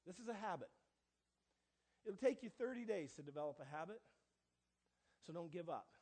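A male pastor preaching a sermon in church, alternating quiet asides with loud, emphatic declarations. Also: high voice, expressive, normal speed. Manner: swings between hushed asides and loud emphatic proclamations.

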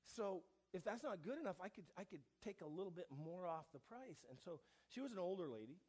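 Male pastor, very high voice, sermon delivery that surges loud then drops to a hush. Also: sing-song, fairly quick. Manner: swings between hushed asides and loud emphatic proclamations. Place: church.

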